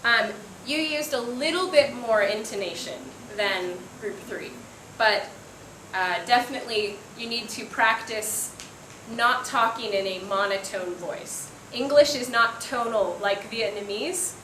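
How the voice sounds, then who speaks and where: A woman's voice: on the high side, measured pace, sharp tone. A woman English teacher gives spoken feedback to a class, encouraging, with frequent ums and small laughs. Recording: echoey room, faint room noise.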